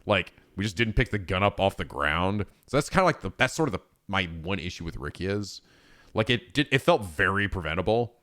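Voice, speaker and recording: Male streamer, low voice, loose and profane, keeps restarting sentences. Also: animated, brisk, fairly bright tone. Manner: rambling, profane, many fillers and restarts. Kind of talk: casual chat on stream.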